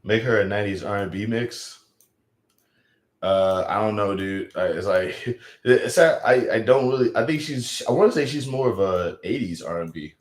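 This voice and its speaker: Speaking at a normal speed with a fairly low pitch, a man chats casually on a live stream in an echoey room. He reads viewers' comments out loud and rambles, joking self-mockingly.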